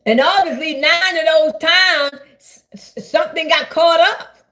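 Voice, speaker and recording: High-voiced woman ranting profanely on a live stream. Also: unhurried. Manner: loud, profane, rambling, talks straight to viewers. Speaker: livestreamer. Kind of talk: casual live-stream rant.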